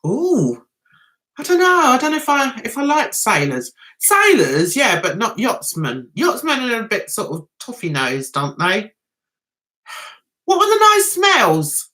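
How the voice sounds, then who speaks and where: A woman's voice: fairly high pitch, wildly swooping pitch, unhurried, pushed and bright. A middle-aged British woman hosting a casual live-stream chat, reading out viewers' comments and laughing at herself. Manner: giggly, chatty, often laughs at herself.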